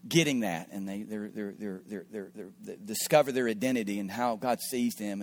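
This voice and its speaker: A middle-aged man, a pastor, telling a story in an earnest sermon, often repeating his words and dropping into soft asides. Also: on the low side. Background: faint guitar music.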